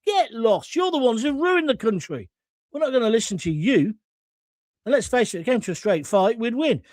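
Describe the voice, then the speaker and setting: A blunt man hosts a live stream, reading viewer comments aloud and firing back jokes and jabs. His voice sits high and swings widely in pitch. The sound is close and dry. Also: sing-song, moderate pace, darkish tone, no echo. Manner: blunt, combative and jokey. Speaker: host.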